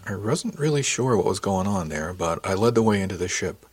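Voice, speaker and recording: A man's voice: sits low, expressive, brisk, few pauses, husky. A man narrating an audiobook in the first person with an easygoing, chatty storytelling manner.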